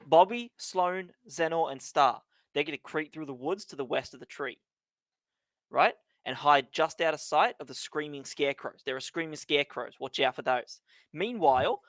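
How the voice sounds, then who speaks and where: A game master voicing a centuries-old boy in a child's body who lays out plans in a brisk, bossy way and swears freely, on a dry close mic. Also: medium pitch, a bit bright, no echo, close to an everyday voice. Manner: brisk, bossy, swears, keeps asking "right?". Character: ancient boy in child's body, brusque leader.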